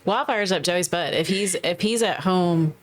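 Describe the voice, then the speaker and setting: A woman in her forties co-hosting a podcast, chatting casually and rambling a little, with quick laughs. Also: on the low side. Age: 40s. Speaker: podcast co-host. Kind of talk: casual chat.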